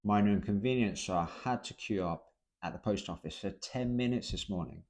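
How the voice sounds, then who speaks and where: Deep-voiced British man, dry delivery. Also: fairly quick, a little mellow. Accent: British English. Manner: dry, understated, with wry asides. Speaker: video host explaining British culture. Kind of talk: explanatory video talk.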